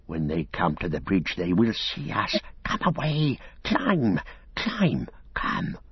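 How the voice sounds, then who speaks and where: A man voicing a wretched, fearful male creature who hisses high and urgent in a storybook reading. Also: wildly swooping pitch, takes it slowly, slightly rough, no echo, full character voice. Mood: frantic. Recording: dull lo-fi recording.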